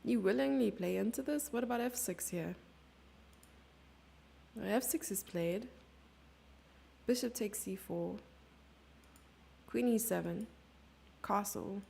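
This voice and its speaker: A woman's voice: medium pitch, slow, creaky, pauses often, a little mellow. A woman streamer giving chatty live chess commentary, thinking aloud and sometimes dropping into a whisper.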